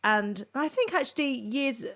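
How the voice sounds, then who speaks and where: A woman's voice: high voice, animated, a little slow, fairly bright tone. A woman podcast host who listens and laughs along with her guest. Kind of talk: conversational interview.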